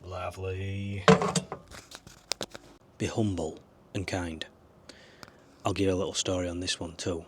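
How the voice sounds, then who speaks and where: A vlogger sits in a small camper van offering rambling, earnest life advice to the camera, swearing now and then. His low voice is level and a little slow, he pauses often, and there's background noise.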